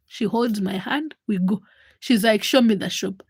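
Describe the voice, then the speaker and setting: A woman in her twenties, hosting a livestream and telling a personal story in a casual, animated way, acting out the voices of the people in it. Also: medium pitch, measured pace, husky, no echo. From Uganda. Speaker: livestream host.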